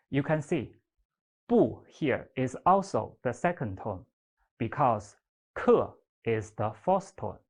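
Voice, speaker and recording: Chinese teacher doing slow repeat-after-me drills, patient, draws words out, takes it easy. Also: medium pitch, very animated, darkish tone. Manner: patient, deliberately stretched example words.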